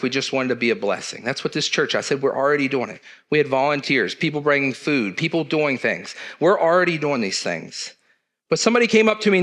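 Male church leader, middle-aged, higher pitch, earnest conversational sermon. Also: fairly bright tone. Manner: earnest, conversational preaching with southern turns of phrase.

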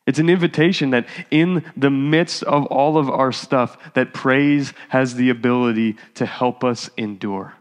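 A man's voice: mid-range voice, fairly even intonation, unhurried, few pauses, clear, resonant tone. A male pastor giving a sermon in a casual, conversational way that rises to fervent exhortation. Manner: conversational preaching, rising to exhortation. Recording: hall reverb.

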